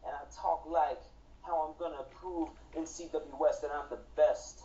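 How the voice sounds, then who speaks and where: A man chatting as a podcast guest, with swagger and street slang. His voice is mellow and dark. The audio is dull and lo-fi, like a call. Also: a little high, steady tone, moderate pace. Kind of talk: casual podcast chat.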